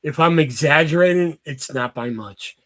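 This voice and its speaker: A man's voice: a little high, moderate pace, fairly bright tone. A young man telling a rambling, profane story in a casual vlog, with lots of fillers. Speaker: vlogger.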